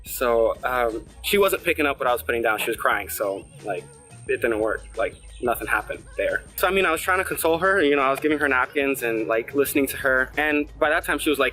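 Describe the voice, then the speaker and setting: A man's voice: medium pitch, lively intonation, a little fast, bright, forceful tone, faint music behind. A man in his twenties telling a personal story for his vlog, rambling and self-deprecating, with lots of "like" fillers. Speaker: vlogger.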